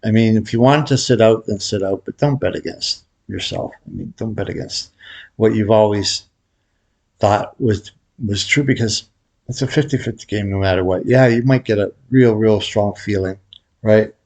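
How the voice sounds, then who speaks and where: A man's voice: on the low side, normal speed, vocal fry, a little mellow. A middle-aged man giving a casual tutorial, rambling and joking at his own expense, with a slight whistle from a cracked tooth. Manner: rambling, jokey, laughs at himself. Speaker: baccarat instructor.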